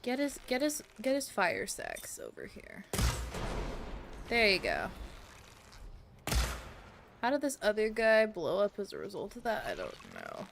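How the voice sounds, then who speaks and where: A woman's voice: mid-range voice, wildly swooping pitch, unhurried, gravelly, pauses often, noisy background. A woman streaming as a VTuber, chatting casually and playfully while she plays, rambling from topic to topic and talking back to the game. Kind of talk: casual live-stream chat while gaming.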